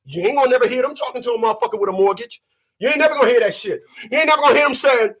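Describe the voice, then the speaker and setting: High husky man in a profane rant. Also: expressive, very fast. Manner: profane, emphatic, often shouting. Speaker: channel host. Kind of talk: ranting commentary.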